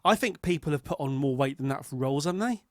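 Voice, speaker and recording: A man's voice: a little high, animated, fast, no echo. A British man co-hosting a comedy podcast, chatting casually with dry, musing remarks and rhetorical questions. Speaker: podcast co-host.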